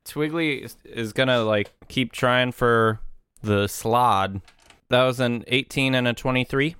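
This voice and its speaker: A man playing a tabletop game, describing his character's actions with animated storytelling. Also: medium pitch, a little slow, clean tone, dry recording. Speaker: tabletop player.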